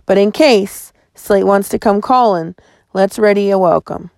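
A steady, protective mother, firm and calming, her speech measured, voiced by a woman reading a storybook. Her voice sits in the middle range with a gravelly fry. The sound is close and dry. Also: medium pitch, no echo.

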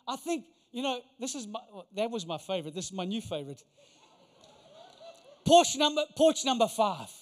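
Male preacher, lively storytelling sermon, high pitch, long hall reverb. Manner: animated, conversational, acts out voices. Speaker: pastor.

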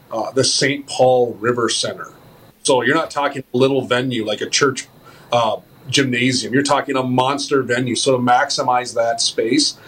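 Husky, matter-of-fact man. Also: medium pitch, fairly bright tone, poor audio. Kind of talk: casual chat.

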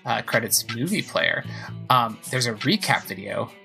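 A man hosting a gaming podcast, chatting excitedly and thinking aloud as he plays. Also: mid-range voice, normal speed, creaky, low-quality recording. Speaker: podcast host playing a video game. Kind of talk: casual let's-play commentary. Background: game music.

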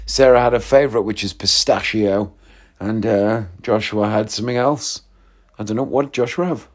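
A man's voice: on the low side, normal speed. Chatty, jokey man. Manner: chatty, jokey, laughs at his own stories. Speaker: podcast host. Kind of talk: casual storytelling chat.

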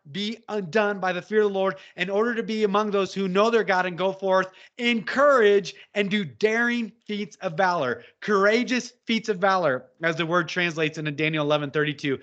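Bright-voiced fervent preaching man. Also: high-pitched. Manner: impassioned, exhorting, rising to shouts when quoting. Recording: dull lo-fi audio.

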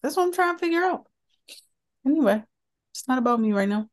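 A woman's voice: high voice, animated, a little fast. A woman in her thirties co-hosting a podcast, chatting casually with teasing, sarcastic banter. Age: 30s. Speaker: podcast co-host. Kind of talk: casual chat.

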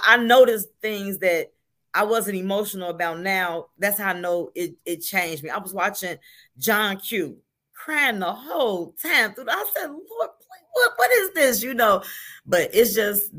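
A woman's voice: mid-range voice, pushed and bright. An older woman, a grandmother, talking earnestly as a guest on a talk show, often repeating words as she makes her point. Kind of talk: casual chat.

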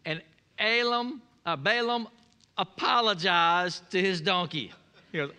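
A preacher man with a high, ringing voice, delivering a sermon full of folksy humor. He tells stories with a grin and calls the congregation to answer back. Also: unhurried, sharp tone, clean tone. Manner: folksy, humorous storytelling with call-and-response. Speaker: pastor.

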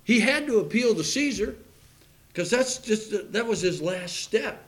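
A fervent male preacher, his voice sitting a bit higher than most men's. He reads old-style scripture aloud and stresses key words with bursts of volume, stumbling into fillers and restarts along the way. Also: animated, unhurried. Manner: fervent, rising to loud emphasis with frequent fillers and restarts; reads scripture aloud in King James wording. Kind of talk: sermon.

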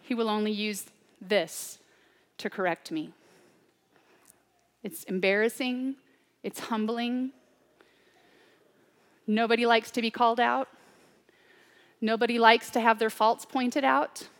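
A woman preaching a sermon, swinging between loud, urgent declarations and hushed, near-whispered asides. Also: a little high, fairly even intonation, slow, long pauses, big-room sound.

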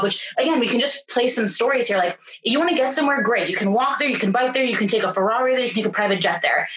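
Animated young woman telling a story. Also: on the high side. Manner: animated, repeats words, many fillers. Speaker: podcast guest. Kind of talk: casual personal storytelling. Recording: roomy echo.

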